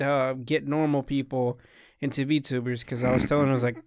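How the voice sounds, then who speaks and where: Swearing freely and acting out what others said, a young man rambles through a long story in a casual chat. His medium-pitched voice is clear and resonant, moves little in pitch and keeps a normal speed, recorded in studio quality without echo.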